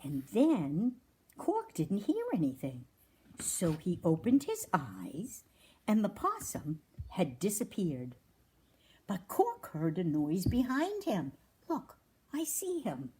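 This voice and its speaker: Lively, husky woman reading a kids' story. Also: lowish voice, slow pace. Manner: animated, asks the audience questions. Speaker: wildlife rescue presenter. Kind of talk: reading a children's story aloud to viewers.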